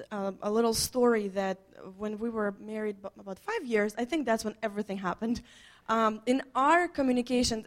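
A woman pastor giving earnest marriage advice, telling a personal story with many restarts. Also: on the high side. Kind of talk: marriage teaching talk with a co-host.

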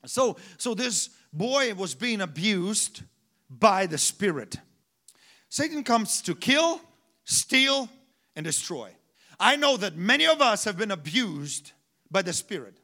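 Male pastor, 30s, high and bright voice, conversational sermon with rhetorical questions. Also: sing-song, measured pace.

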